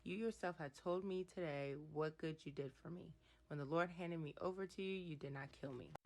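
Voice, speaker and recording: A woman's voice: low-pitched, normal speed, noisy background. A woman vlogger giving casual Bible commentary, reading verses aloud and reacting expressively to the story.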